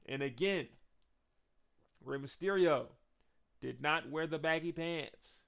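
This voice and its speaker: A man's voice: fairly high pitch, moderate pace, creaky, a bit bright, clean tone. A man casually recapping a wrestling show as host, chatty, laughing often.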